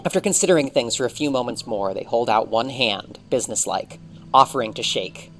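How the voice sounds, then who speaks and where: A man reading a visual novel aloud, narrating in the second person with wry, expressive delivery. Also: mid-range voice, fairly quick. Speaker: let's read narrator.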